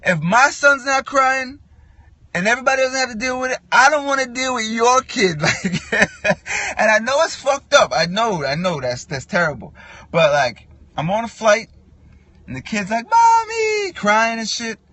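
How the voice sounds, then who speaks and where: A man ranting in a casual, profane monologue, animated and quick to act out what others said. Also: very high voice, dry recording. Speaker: podcast host.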